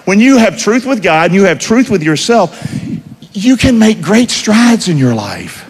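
A man's voice: high voice, very animated, unhurried, husky. A man preaching a sermon, emphatic, with call-and-response questions to the congregation. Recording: long hall reverb.

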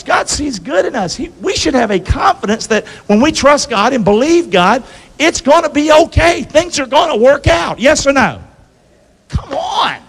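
A man's voice: very high-pitched, fairly bright tone. A pastor preaching a sermon to his church, calling out questions for the congregation to answer back and asking them to repeat lines. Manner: call-and-response preaching, asks congregation to repeat. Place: church sanctuary. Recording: long hall reverb.

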